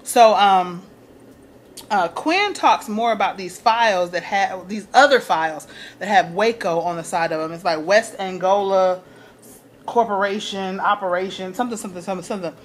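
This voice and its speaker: A woman recapping a TV episode in casual chat, acting out quotes and laughing often. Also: moderate pace. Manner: animated, acts out quotes in a higher voice, laughs often. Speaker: TV recap vlogger.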